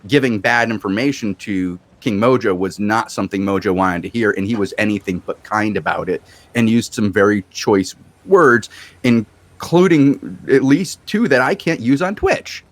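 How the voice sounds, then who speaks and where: A man hosting a casual chat, telling an animated story from an online game. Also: fairly low pitch, moderate pace, no room sound.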